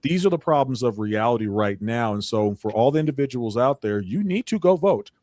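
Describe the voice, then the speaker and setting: Fast talking guy on a church talk panel, dry close mic, real emphatic. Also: mid-range voice, lively intonation, darkish tone, no echo. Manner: emphatic, mimics others in quoted voices. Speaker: panelist on a ministry talk show. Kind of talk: opinionated panel chat.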